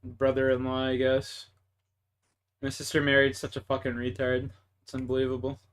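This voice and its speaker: A man's voice: medium pitch, completely flat delivery, moderate pace, a little hiss or hum. A young man with a Canadian accent, chatting and ranting casually and profanely while streaming a game. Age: young adult. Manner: profane, ranting, swings between loud and mumbled. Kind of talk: casual chat while gaming.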